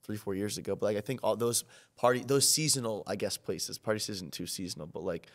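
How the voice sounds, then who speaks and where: A man's voice: fairly low pitch, quick pace. Rambling teenage guy on a school podcast. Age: teens. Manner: rambling, lots of fillers and restarts. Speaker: student podcast co-host. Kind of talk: casual chat. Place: town hall studio.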